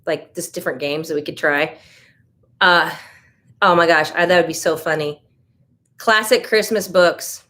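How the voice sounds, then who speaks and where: A woman's voice: deep voice, fairly even intonation, moderate pace, long pauses, fairly bright tone. Chatty American woman hosting a livestream. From United States. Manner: chatty and rambling, reacting to viewer comments. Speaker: livestream host. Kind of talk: casual live-stream chat.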